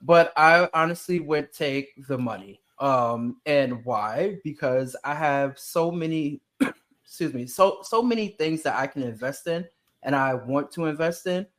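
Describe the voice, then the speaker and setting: A man's voice: on the high side, expressive, a little slow, fairly bright tone. A man with a New York accent co-hosting a podcast in a playful, opinionated casual chat. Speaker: podcast co-host.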